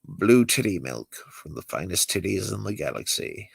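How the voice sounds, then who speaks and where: A man's voice: sits low, normal speed, vocal fry, slightly rough, dry recording, heavily acted. Obi-Wan, a man reading a wry Jedi. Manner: sardonic, lively delivery. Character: dry-witted exiled male Jedi master. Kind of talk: amateur script read-through.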